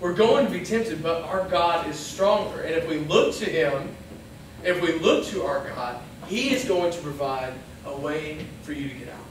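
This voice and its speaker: Man preacher, high voice, chatty youth sermon that slips into quoted asides, boomy hall sound from a distant mic. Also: expressive, normal speed, a little hiss or hum. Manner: conversational, acts out little quoted lines. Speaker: pastor. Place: church hall.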